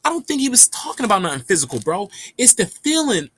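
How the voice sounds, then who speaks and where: A young man telling a rambling, profane story in a casual, animated way. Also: high voice, quick pace, husky, dry recording.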